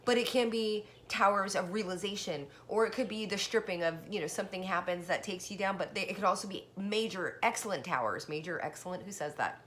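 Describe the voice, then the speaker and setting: A woman giving a casual tarot reading, chatty and excited, talking straight to the viewer and a little out of breath. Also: mid-range voice, fairly quick, few pauses, slight background noise. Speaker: tarot card reader.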